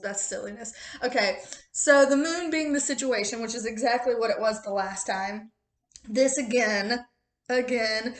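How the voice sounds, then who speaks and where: A woman's voice: fairly high pitch, fairly bright tone, roomy sound. A chatty woman with a rural American accent, reading tarot cards in a casual, joking, profane way. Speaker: tarot reader.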